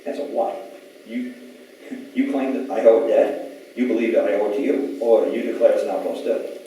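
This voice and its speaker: A man's voice: lowish voice, steady tone, normal speed, mellow. A man giving an emphatic storytelling talk to a live audience. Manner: emphatic, retells exchanges in quoted voices. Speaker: speaker at a public talk. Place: large echoey event hall. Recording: echoey hall from far off, faint hiss.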